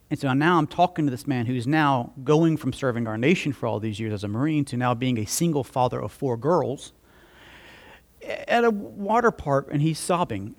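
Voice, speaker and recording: A pastor giving a conversational sermon, telling a personal story with animated delivery. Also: male voice, mid-range voice. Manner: animated, acts out dialogue in the story.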